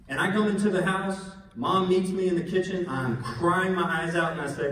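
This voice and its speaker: A man in his forties gives a humorous, heartfelt eulogy, chuckling at his own stories. His voice sits a little high for a man. It is picked up from a distance in a big, echoing hall. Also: brisk, few pauses, a crowd in the background. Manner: self-deprecating, chuckling often, earnest. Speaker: son giving a memorial tribute. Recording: echoey hall recorded from far off.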